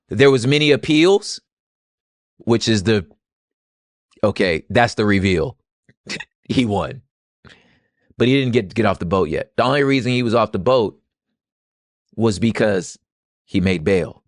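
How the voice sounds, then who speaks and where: A young adult man gives animated, casual history commentary. His talk jumps from low murmured asides to loud, heated bursts. The recording is dry and close, with no room sound. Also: no room sound. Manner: animated, swings from quiet asides to loud street-talk outbursts. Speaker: podcast co-host.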